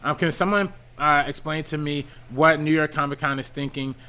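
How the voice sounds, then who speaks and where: A man's voice: a little high, fairly even intonation, normal speed, sharp tone. A man reading viewer donation messages on a casual live-stream panel show, with many ums and easy laughs.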